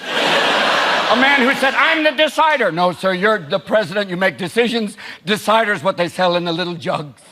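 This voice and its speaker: A stand-up comedian with an American accent, in a manic style that bursts into shouted voices, on a large theatre stage. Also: male voice, high voice, animated, normal speed. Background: loud laughing audience.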